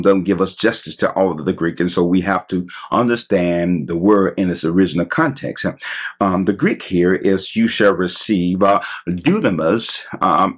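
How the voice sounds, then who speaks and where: A man preaching a sermon as pastor, stretching out emphatic phrases with a husky voice. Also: low-pitched.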